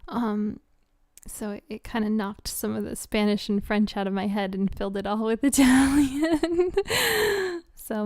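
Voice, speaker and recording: A woman chatting casually on a live stream, answering viewer questions. She speaks softly, drifts into whispers, giggles often, and fills her talk with "um" and "like.". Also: medium pitch, a little slow, dry recording. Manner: soft-spoken, drifts into whispers, many "um" and "like" fillers, giggly.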